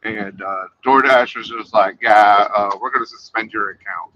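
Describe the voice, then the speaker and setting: Bright-voiced rambling man. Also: fairly low pitch, fairly even intonation, moderate pace, muffled recording, slight background noise. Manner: rambling, trails off quietly at ends of sentences, many fillers. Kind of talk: casual chat.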